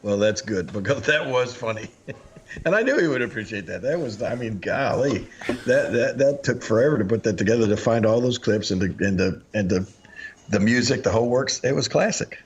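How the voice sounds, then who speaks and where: A man's voice: fairly low pitch, animated, a little fast, highs cut off, slight background noise. A man in his sixties co-hosting a podcast in casual chat, laughing and exclaiming a lot. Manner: laughing, easily amused, exclamatory. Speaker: podcast co-host.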